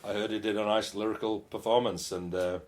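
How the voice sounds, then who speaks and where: Man, guest musician, low voice, casual rambling chat, restarts and fillers. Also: level tone, fairly quick, a little mellow, a little hiss or hum.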